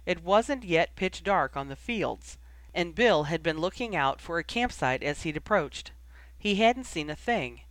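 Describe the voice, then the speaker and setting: A man reading a fan fiction story aloud as audiobook narration, with steady storytelling. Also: a little high, unhurried, no echo. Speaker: audiobook reader.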